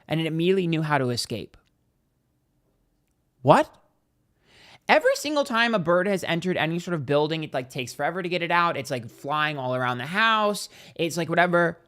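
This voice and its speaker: A man's voice: fairly high pitch, fairly bright tone. A man in casual vlog chat, telling a story with lots of "like" and acted-out reactions. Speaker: tarot reader and YouTuber.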